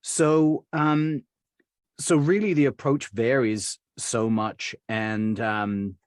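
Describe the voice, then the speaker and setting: A man's voice: medium pitch, steady tone, takes it slowly, dry recording, clean studio sound. A middle-aged man from Birmingham, England, answering interview questions as a dialect coach, rambling with many fillers and restarts. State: recovering from covid.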